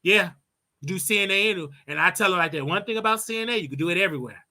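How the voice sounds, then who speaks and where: Blunt high-voiced man ranting advice. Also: expressive, fast, pushed and bright. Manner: blunt, preachy, repeats his points for emphasis. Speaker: show host. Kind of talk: casual advice rant.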